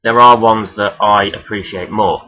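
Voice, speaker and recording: A man talking casually and rambling as he counts down his favourite characters, swearing freely and filling pauses with "um". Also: on the low side, steady tone, pushed and bright, lo-fi sound. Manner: rambling, profane, many fillers. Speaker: vlogger ranking toy robot characters. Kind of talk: casual unscripted countdown talk.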